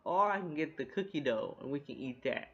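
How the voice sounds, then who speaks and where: A man giving a casual, animated recap of a TV episode. He talks in a chatty way, swears freely and laughs along with the jokes. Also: fairly high pitch, brisk, highs cut off. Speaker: TV recap host.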